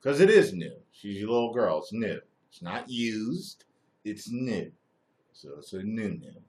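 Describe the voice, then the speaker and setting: A man's voice: lowish voice, moderate pace. A man hosting a live stream, chatting casually with crude jokes. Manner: crude, joking, animated.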